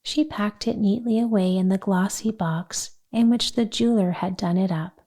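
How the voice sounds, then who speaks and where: A woman narrating a children's chapter book audiobook in a calm, measured read. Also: mid-range voice.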